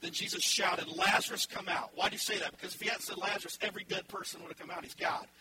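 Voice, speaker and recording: A male pastor preaching an animated sermon, acting out the people in the story. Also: high-pitched, rapid-fire, background noise. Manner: animated, acts out voices in the story.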